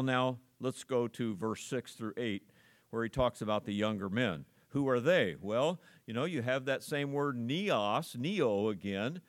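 Male pastor, sermon, mid-pitched voice, punches key words, uh-filled, dead dry sound. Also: no echo. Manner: emphatic, rises sharply on key words; frequent "uh" fillers and restarts. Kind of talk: expository sermon.

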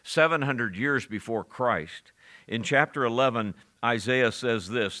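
An older man preaching in a bright, forceful voice. He teaches in an easy, conversational way, then swells with emphasis as he quotes scripture. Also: mid-range voice, animated, unhurried. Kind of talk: sermon.

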